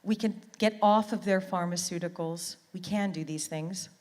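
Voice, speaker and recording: A woman's voice: fairly low pitch, steady tone, moderate pace, darkish tone, long reverb tail. Earnest woman giving a heartfelt talk. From Canada. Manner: earnest and heartfelt, repeats words for emphasis. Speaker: conference speaker. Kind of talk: motivational talk.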